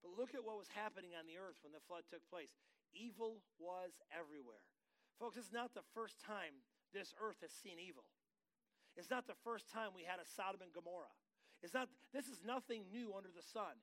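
A middle-aged male pastor preaching a sermon in a folksy, rambling way that swells into excited bursts. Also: high-pitched. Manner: folksy, tangent-prone, rising to excited bursts.

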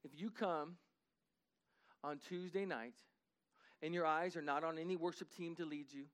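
A man's voice: a little high, moderate pace, clean tone. A man preaching a sermon in a church, earnest and conversational, building in intensity. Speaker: pastor. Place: church sanctuary.

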